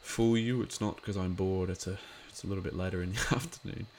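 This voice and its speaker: A man's voice: sits low, fairly even intonation, fairly quick, darkish tone, slight background noise. A man giving a casual watch-along commentary of an episode, chatty and rambling with lots of filler words.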